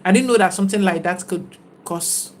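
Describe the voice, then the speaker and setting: A woman hosts a livestream and talks in a casual, reflective way. Her voice sits at an ordinary middle pitch. She sounds preachy and speaks straight to the people watching. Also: brisk. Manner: reflective, preachy, greets viewers by name. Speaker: livestream host.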